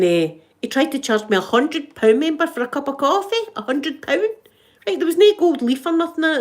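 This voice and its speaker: A middle-aged woman with a Glaswegian Scottish accent, telling stories in a lively, casual way and acting out both sides of each conversation. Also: on the high side. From Scotland. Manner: animated, swears, acts out both sides of conversations. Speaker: ASMR vlogger. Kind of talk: casual storytelling chat.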